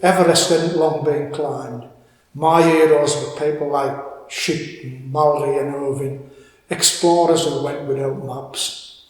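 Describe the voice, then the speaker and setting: An older man with a Cumbrian accent telling a story in an interview, halting and repeating words as he goes. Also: fairly high pitch, steady tone. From Cumbria, England. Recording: echoey room with long reverb.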